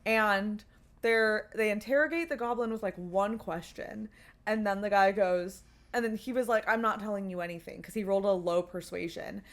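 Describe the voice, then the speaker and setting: A young woman co-hosting a podcast, telling a story in casual chat, animated, swearing and laughing as she goes. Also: medium pitch, moderate pace. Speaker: podcast co-host.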